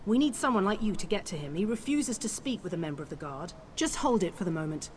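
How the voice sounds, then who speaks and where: An actress playing a brisk, commanding female guard captain in a video game, hurried and authoritative. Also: medium pitch, very animated, natural voice. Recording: game audio with clear ambient noise.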